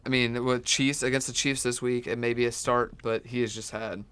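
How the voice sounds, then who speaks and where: A man co-hosting a casual sports podcast who tells rambling, animated stories. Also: mid-range voice, a little fast, clear, resonant tone. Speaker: podcast co-host.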